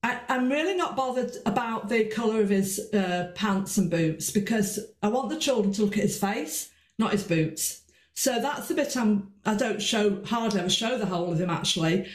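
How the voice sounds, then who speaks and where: A woman's voice: medium pitch, animated, moderate pace, roomy sound. A woman giving an informal presentation to parents, chatty with restarts and sing-song stresses.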